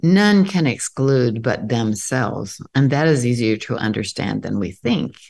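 A woman co-hosting a podcast who reads a poem aloud in a measured, thoughtful way. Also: a bass voice, animated, creaky, a little mellow, breathy edge. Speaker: podcast co-host.

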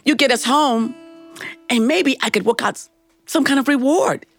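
A woman's voice: high-pitched, moderate pace, soft background music, pitched above the performer's own voice. A woman voicing a spoiled, bratty young princess who talks rudely and bossily. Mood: bossy. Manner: rude, demanding.

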